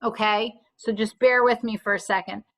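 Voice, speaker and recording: A woman teaching a fitness class, giving clear step-by-step cues with gentle reassurance. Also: medium pitch, steady tone, normal speed, rough recording. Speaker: fitness instructor. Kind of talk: guided exercise class instruction.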